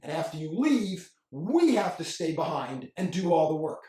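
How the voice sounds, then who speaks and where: A man's voice: on the high side, sing-song, warm tone. A man putting on an angry Argentine businessman. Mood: scolding. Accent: put-on Argentine Spanish accent. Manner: slow, scolding, mocking. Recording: roomy echo, mic at a distance.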